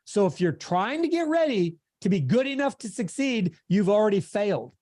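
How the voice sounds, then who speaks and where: A man's voice: sits high, sing-song, normal speed, a little mellow, no room sound, clean studio sound. A man giving a motivational coaching talk on a video call, with an emphatic, preacher-like cadence. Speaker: sales coach.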